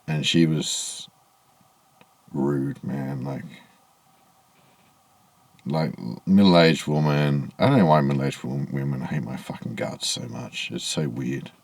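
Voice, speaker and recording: A man's voice: a bass voice, takes it slowly, gravelly, pauses often, darkish tone, no echo. A man telling a rambling, aggrieved story to camera in a casual vlog, swearing freely, outdoors in the evening. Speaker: vlogger. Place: outdoors in low evening light.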